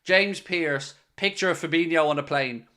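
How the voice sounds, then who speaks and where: Irish male fan-channel host, casual solo commentary, wry and sarcastic, voice sits a touch high. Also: moderate pace, sharp tone. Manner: playful, sarcastic, mock-serious pitching.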